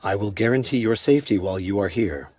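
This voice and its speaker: A man voicing a calm, emotionless golem lord in an anime dub, speaking slowly and solemnly. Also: on the low side, breathy edge. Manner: slow, measured, solemn.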